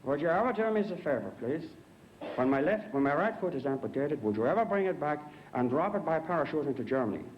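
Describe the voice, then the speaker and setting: A man's voice: a little high, animated, quick pace, lo-fi sound, a little hiss or hum, pitched below the performer's own voice, close to an everyday voice. A man putting on a wounded German pilot in a told joke, polite and pleading.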